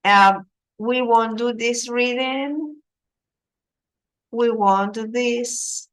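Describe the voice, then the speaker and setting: A woman teaching an English lesson, slowly explaining words with glosses. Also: fairly high pitch, a bit bright. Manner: slow, patient, explaining vocabulary with Spanish glosses.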